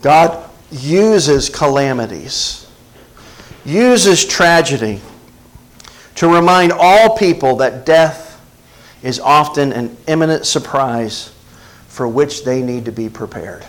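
A man's voice: mid-range voice, expressive, slow, rough recording. Man preaching a sermon. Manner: preaching with call-and-response asides to the congregation. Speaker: pastor.

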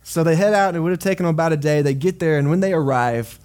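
A man preaching a sermon as pastor, telling the story in a conversational, animated way and voicing dramatic quotes. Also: fairly high pitch, quick pace. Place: church service.

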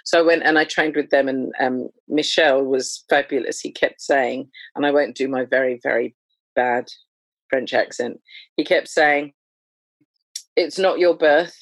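A woman, a doula, chatting as a podcast guest in a lively, humorous storytelling way. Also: rumbling low, normal speed, no echo. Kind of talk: conversational storytelling.

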